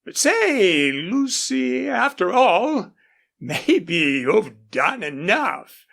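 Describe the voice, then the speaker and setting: A woman voicing an older male rancher, an indulgent, horse-proud father, in a husky, drawling audiobook character voice. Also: mid-range voice, sing-song, very slow, a bit bright, pitched above the performer's own voice, heavily acted.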